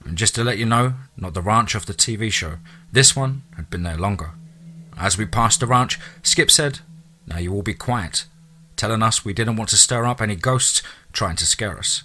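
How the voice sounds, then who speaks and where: A man narrating a listener's true ghost story in a dramatic storytelling manner, dropping into low asides. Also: moderate pace, sharp tone.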